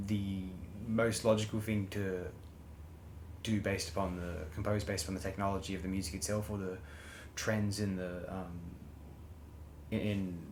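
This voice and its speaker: Halting low-voiced man, echoey room. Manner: halting, searching for words, many fillers. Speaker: podcast co-host. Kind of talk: casual music review chat. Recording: roomy sound with faint ambient noise.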